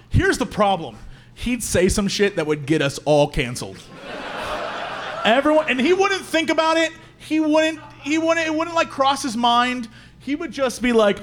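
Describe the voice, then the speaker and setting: High, lively man riffing on stage. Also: moderate pace, background noise. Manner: animated, jokey, exaggerated riffs. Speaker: podcast co-host. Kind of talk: live podcast banter. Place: live venue stage.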